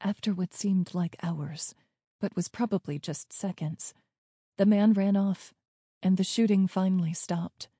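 A woman reads a first-person story slowly, with a soft, breathy edge. Her telling is tense and hushed. The sound is dry and close, with no room around it. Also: medium pitch, fairly even intonation, no echo. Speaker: audiobook narrator.

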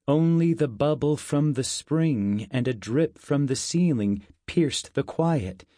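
Guy reading a fantasy audiobook in first person, slow and steady, dry close sound. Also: mid-range voice, dry recording. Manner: measured, unhurried storytelling. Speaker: audiobook narrator.

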